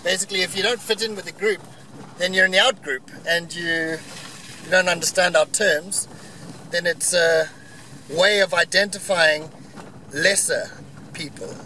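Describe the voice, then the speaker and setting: A man's voice: sits high, fairly even intonation, moderate pace, long pauses, bright, forceful tone. A man on a game drive giving rambling, opinionated, wry commentary outdoors from a vehicle. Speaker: vlogger on safari. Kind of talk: casual commentary. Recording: distant mic, faint outdoor noise.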